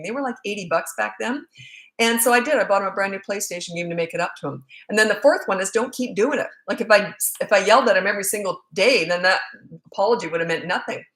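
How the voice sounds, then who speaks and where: A middle-aged woman talks as a parenting coach in a casual question-and-answer session, her voice at an ordinary pitch for a woman. She is blunt and joking and wanders into side remarks. The recording carries a roomy echo. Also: animated, quick pace, fairly bright tone. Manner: blunt, joking, rambling with asides. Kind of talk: casual Q&A monologue.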